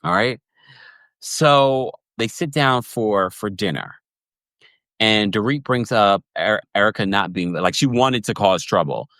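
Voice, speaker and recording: A man hosting a livestream podcast recap, chatty and animated, laughing often and reading viewers' comments. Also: lowish voice, a little slow, no room sound. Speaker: podcast host recapping reality TV.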